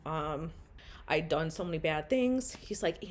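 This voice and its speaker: A woman's voice: fairly low pitch, normal speed, a little mellow. A young woman telling her own story in a rambling, candid way, full of "like" and blunt swearing.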